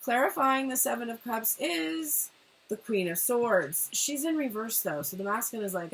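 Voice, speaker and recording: A woman doing a casual tarot reading, talking in an animated way, swearing and laughing often. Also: on the high side, normal speed, husky, poor audio. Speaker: tarot reader.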